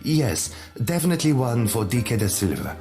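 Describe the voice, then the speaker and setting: A man voicing a cheerful young female receptionist with a faint Mexican accent, polite and bright. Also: mid-range voice, big pitch swings, moderate pace, pitched above the performer's own voice. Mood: cool. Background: music.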